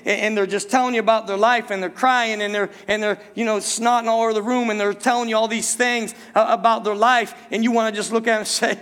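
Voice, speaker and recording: A male pastor delivers a sermon in a church, his voice sitting high for a man. He keeps turning to the congregation with rhetorical questions and restarts his phrases as he goes. A long hall reverb trails every line. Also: fairly bright tone. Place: church sanctuary.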